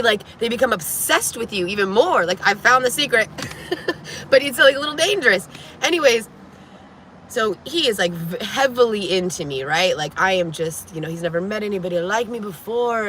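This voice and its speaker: Woman, vlogger, bright voice, rambling casual storytelling, lots of restarts, inside a van. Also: medium pitch, a little hiss or hum, poor audio.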